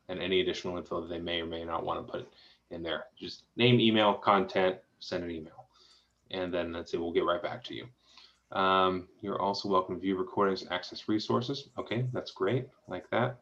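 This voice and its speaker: A man with a fairly low voice walks through a website and gives friendly, easygoing suggestions as he thinks aloud. The sound is dull and lo-fi, as from a video call. His tone stays relaxed and encouraging. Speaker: web design reviewer. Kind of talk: casual spoken feedback while reviewing a website.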